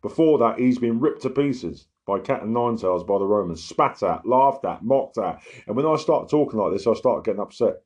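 A man's voice: fairly low pitch, expressive, normal speed, hardly any pauses, darkish tone. A man preaching informally, earnest and emphatic, often checking in with listeners. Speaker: lay preacher giving testimony.

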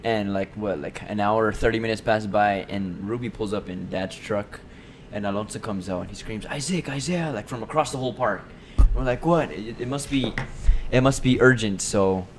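A young man co-hosting a podcast, chatting casually and telling a family story that builds to loud, excited bursts. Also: lowish voice, slight background noise. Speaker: podcast co-host. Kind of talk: casual chat.

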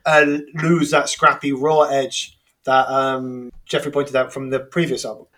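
A man's voice: mid-range voice, little pitch movement, unhurried, pushed and bright. An English man hosting a casual music discussion, chatty and hesitant, laughing easily as he talks. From England. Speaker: podcast host.

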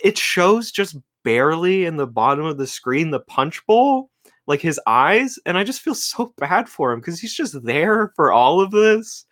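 Lively woman cohost, rambles and restarts, jokey movie talk. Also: on the low side, measured pace. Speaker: podcast co-host. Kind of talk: casual chat about a movie.

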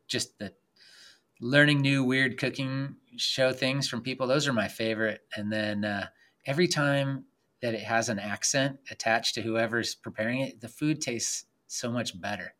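A man chatting casually as a podcast guest, rambling and excited, filling his talk with "like". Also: mid-range voice. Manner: rambling, excited, heavy use of "like". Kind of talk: casual chat.

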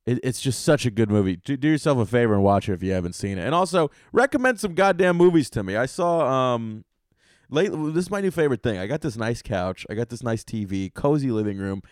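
Young male solo podcaster, profane and animated, mid-range voice, dry and close-miked. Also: mid-range voice, brisk, no echo. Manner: profane, animated, swings from loud outbursts to muttering. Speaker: podcast host.

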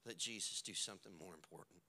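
A male pastor preaching a sermon, moving between quiet storytelling and loud, shouted declarations while acting out the people in the story. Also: deep voice, fast, long reverb tail. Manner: swings from hushed storytelling to shouted preaching, acts out characters.

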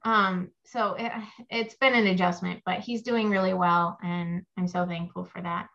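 A woman's voice: on the low side, little pitch movement, normal speed, creaky, fairly bright tone. A young woman, a mother, talking casually about her babies, rambling with fillers. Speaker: guest mom. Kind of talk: casual chat. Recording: slightly dull lo-fi audio.

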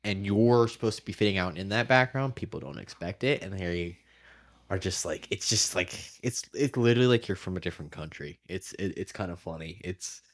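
A man's voice: low voice, fairly quick. A young man co-hosting a podcast, chatting loosely with lots of fillers, restarts and swearing. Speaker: podcast co-host. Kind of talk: casual chat.

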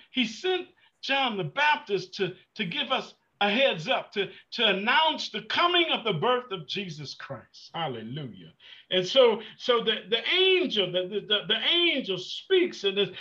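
A man preaching a fervent sermon, surging from hushed prayer to shouts and repeating his words. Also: high voice. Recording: muffled lo-fi sound.

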